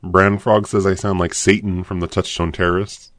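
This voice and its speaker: Deep-voiced streamer through a voice changer. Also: male voice, little pitch movement, moderate pace, very noisy. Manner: crude, mocking, reads chat aloud. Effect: pitch-lowering voice changer. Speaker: live streamer. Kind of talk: prank-call livestream chat.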